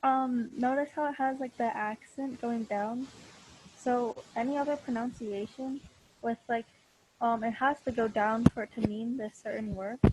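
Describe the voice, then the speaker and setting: A young woman teaching a class over a video call, explaining patiently and slowly with many fillers and restarts. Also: fairly high pitch, fairly even intonation, darkish tone, slight background noise, low-quality recording. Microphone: computer mic on a video call.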